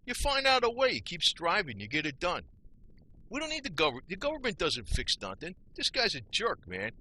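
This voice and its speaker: Forceful, sharp-voiced man ranting. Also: high voice, huge pitch swings, a little fast. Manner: blunt, angry, repetitive; casual slang, frequent "man" and "you know". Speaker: YouTube video maker. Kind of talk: ranting monologue.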